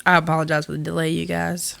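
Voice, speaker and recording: A woman's voice: sits low, level tone, quick pace, vocal fry, a bit bright, a little hiss or hum. A woman co-hosting a casual livestream chat, talking in a playful, joking way. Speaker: co-host.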